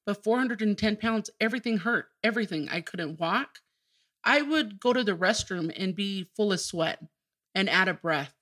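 A woman's voice: medium pitch, animated, normal speed, fairly bright tone. A middle-aged woman, a podcast guest, telling her personal story candidly and openly, with bursts of laughter. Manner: open and emotional, breaks into laughter.

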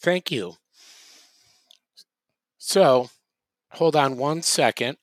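A man's voice: a little high, animated, drawn-out words, no room sound. A man co-hosting a podcast, chatting casually with dry, wry asides. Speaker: podcast co-host. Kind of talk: casual chat.

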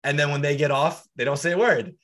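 A man's voice: on the high side, fast talker, a bit bright. Earnest podcast host, a man. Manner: earnest, reflective, asks long questions. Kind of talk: casual interview.

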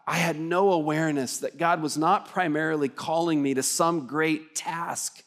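A man pastor from Texas preaching a livestreamed sermon in an earnest, conversational way, asking the congregation questions. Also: medium pitch. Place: church, livestream service.

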